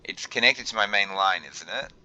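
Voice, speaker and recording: A man's voice: lowish voice, normal speed, sharp tone, rough recording. A young man thinking aloud while he plays a game, often flustered, with many fillers and restarts. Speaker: gaming video host. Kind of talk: let's play commentary.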